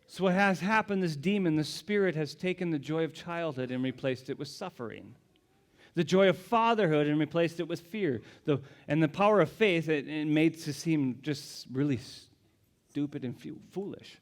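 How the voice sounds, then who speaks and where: A male pastor preaching a sermon, telling the story dramatically, dropping to hushed whispers and rising to loud exclamations. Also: fairly high pitch, expressive, normal speed.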